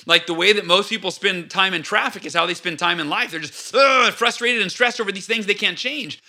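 A man as a podcast guest, an energetic storyteller who acts out his own reactions in conversation. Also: sits high, fairly quick. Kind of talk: conversational interview answer.

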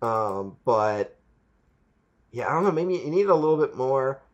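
A male podcast co-host chats casually about a film, rambling, chuckling, and acting out quotes and scenes from it. His medium-pitched voice is very animated and unhurried, and the recording has its highs cut off.

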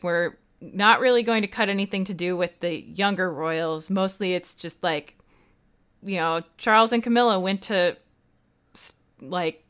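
A young woman co-hosts a podcast in relaxed, chatty conversation. Her voice is smooth and clear, and she tells stories in an animated, self-deprecating way. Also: medium pitch. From United States. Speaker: podcast co-host. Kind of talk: casual chat.

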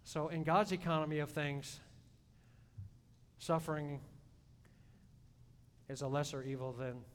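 A man preaching a sermon in a church, swinging between loud emphatic peaks and soft hushed asides. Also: steady tone, unhurried. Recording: long hall reverb, faint rumble.

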